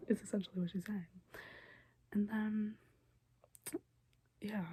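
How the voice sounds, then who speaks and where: A young woman giving a whispered role-play style recap of a show episode, talking softly with lots of fillers. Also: medium pitch, little pitch movement, slow, noisy background. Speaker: show reaction youtuber.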